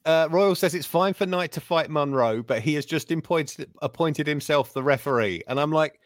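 A man's voice: a little high, moderate pace, few pauses, no room sound. Sardonic man, dry close sound. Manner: sardonic, swears, mimics people in quotes. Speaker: podcast co-host. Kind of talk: casual chat.

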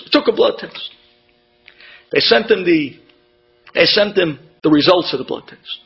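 A man telling an inspirational personal story, pausing for effect and acting out what others said. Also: high-pitched, animated, gravelly. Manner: emotional, dramatic pauses, acts out quotes. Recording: dull lo-fi with mains hum.

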